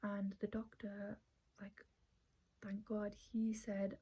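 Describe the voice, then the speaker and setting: Breathy woman telling a personal story. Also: medium pitch, completely flat delivery, slow pace, pauses often, warm tone, low-quality recording. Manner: earnest, retells conversations at length.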